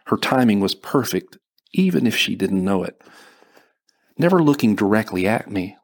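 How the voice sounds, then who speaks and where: A man narrating a first-person novel as an audiobook, slow and measured. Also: fairly low pitch, slightly rough.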